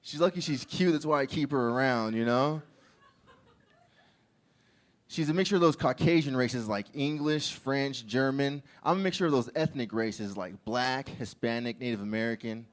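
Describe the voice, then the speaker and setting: A man's voice: mid-range voice, moderate pace. A man doing a crude stand-up set, telling stories and laughing at his own jokes. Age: adult with a child. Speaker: stand-up comedian.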